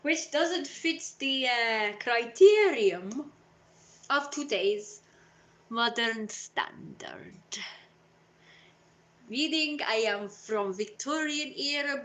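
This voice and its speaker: High, lively woman chatting theatrically on a live stream. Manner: theatrical and playful, slips in and out of put-on accents.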